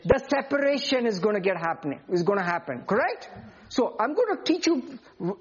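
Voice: mid-range voice, sing-song, a little fast, dull audio. A preacher delivering an emphatic sermon and often asking the congregation questions.

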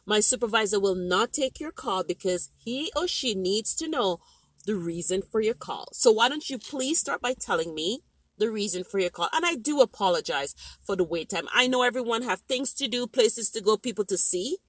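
A woman as a pushy loan-company phone rep, sassy and curt, mid-pitched, recorded dry. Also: lively intonation, moderate pace, fairly bright tone, slightly rough, dry recording. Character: brash female customer service rep. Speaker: customer service representative.

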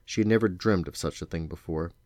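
A man with a deep voice reads a novel aloud to his children. He narrates in a steady, unhurried way. The sound is dry, with no room echo. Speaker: parent reading to his children.

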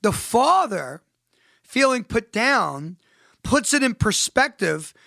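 High-voiced man hosting a solo podcast. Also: sing-song, slow pace, gravelly, pushed and bright, dry recording, clean studio sound. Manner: emphatic, addresses listeners directly; storytelling with rhetorical questions. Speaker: podcast host.

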